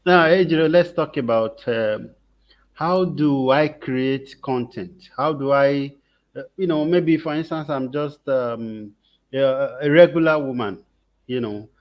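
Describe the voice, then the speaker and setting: A man hosting a casual interview and asking loose, searching questions. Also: medium pitch. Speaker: host. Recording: muffled lo-fi sound.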